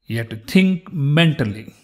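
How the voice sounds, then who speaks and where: A middle-aged man with a part Indian, part American accent, hosting a pronunciation lesson and repeating each word slowly for emphasis. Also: mid-range voice, animated. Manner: slow, deliberate, repeats words for emphasis. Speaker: host.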